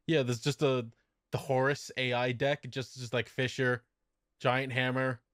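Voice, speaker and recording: Brief: man, casual podcast co-host, mid pitch, profane, dry dead sound. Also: little pitch movement, a little slow, smooth, dry recording. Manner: profane, bursts into loud mock-voiced quotes. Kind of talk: casual chat.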